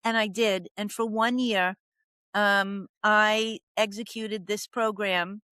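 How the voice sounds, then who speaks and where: A woman's voice: mid-range voice, steady tone, slow pace, bright, forceful tone, smooth, dry recording. An older woman telling her story as a podcast guest, dramatic, acting out the voices she quotes. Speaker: podcast guest, professional coach. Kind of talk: storytelling interview.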